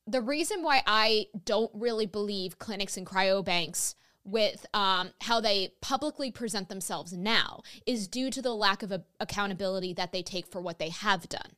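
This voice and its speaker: A woman's voice: mid-range voice, normal speed, few pauses, bright, forceful tone, clean tone. A young woman hosting a podcast interview, talking in a spirited way and swearing freely. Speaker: podcast host. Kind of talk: casual interview chat.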